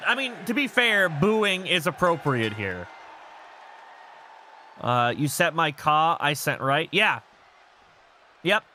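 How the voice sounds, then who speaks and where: A man hosting a live game stream, chatting off the cuff and reading messages from chat. His voice is high, bright and very animated, jumping up at every big moment in the match. Soft music plays in the background. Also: takes it slowly, long pauses, some chatter behind.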